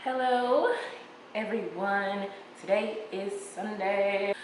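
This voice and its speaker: Relaxed woman in her late twenties vlogging. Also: mid-range voice, slow pace. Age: late 20s. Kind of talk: casual vlog narration. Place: her home, indoors. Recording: echoey room with background noise.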